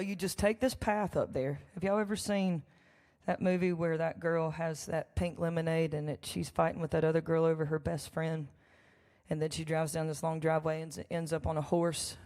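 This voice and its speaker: A live-performing songwriter with a low, steady, darkish voice at normal speed tells a joking, folksy story between songs. She laughs and talks aside to the crowd, and the large church hall lends a long reverb.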